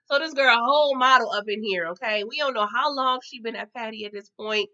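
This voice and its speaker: A woman talks through a TV episode recap in a loose, slangy, chatty way, calling her viewers y'all and tagging her lines with okay. Her voice sits a little high and sounds bright and forceful. The recording is dull and lo-fi. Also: a little fast. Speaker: TV recap vlogger.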